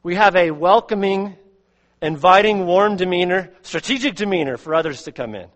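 A man with a fairly high voice preaches to a church, earnest and emphatic. He repeats words as he works through a point and drops suddenly to quiet asides. His voice rings with a long hall reverb. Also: lively intonation, normal speed. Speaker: pastor. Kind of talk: expository sermon.

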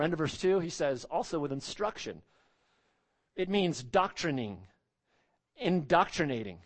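A man preaching an expository sermon, emphatic, repeating phrases and asking rhetorical questions. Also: medium pitch.

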